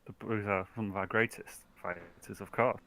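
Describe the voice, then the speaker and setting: A man voicing Ox, an earnest dragonborn envoy making a slow, formal petition. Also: on the low side, steady tone, pushed and bright, dry recording.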